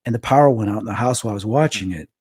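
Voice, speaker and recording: A man's voice: on the low side, racing, husky, no echo. A man, a medium guest in an interview, telling stories from childhood and acting out the voices in them. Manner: animated storyteller, acts out quotes. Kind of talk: storytelling in a casual interview.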